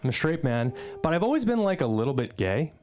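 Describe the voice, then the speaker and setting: Fairly high-pitched and sing-song yet darkish in tone, this East Coast man talks quickly through an open-mic stand-up set. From the comedy club stage he rambles freely, scattering fillers and asides throughout.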